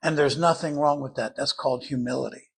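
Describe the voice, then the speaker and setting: Husky older man preaching conversationally. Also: mid-range voice, steady tone, a little fast. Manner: earnest, conversational Bible teaching. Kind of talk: sermon.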